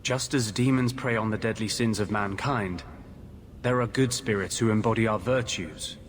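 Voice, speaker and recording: A man's voice: lowish voice, moderate pace, slight background noise, lightly acted. An actor voicing a brooding male mage haunted by a vengeful spirit, speaking in a grave, intense, earnest way in video game dialogue. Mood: grim.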